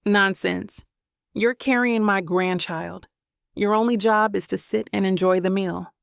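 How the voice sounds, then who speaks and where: A woman's voice: medium pitch, steady tone, measured pace, vocal fry, no room sound, studio quality. A woman reading a doting older mother. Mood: fond. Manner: gently bossy, caring. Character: warm doting older mother, soon a grandmother.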